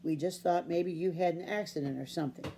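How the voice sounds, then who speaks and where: A woman voicing a gentle, calm farmer father in a storybook reading, speaking slowly and softly. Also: fairly low pitch, a little hiss or hum, close to an everyday voice. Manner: slow, calm and soft.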